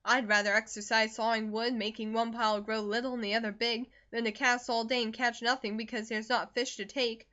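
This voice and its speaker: A woman voicing a talkative young man who is recovering from a fever, brisk and jovial, in an audiobook reading. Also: a little high, little pitch movement, sharp tone, highs cut off.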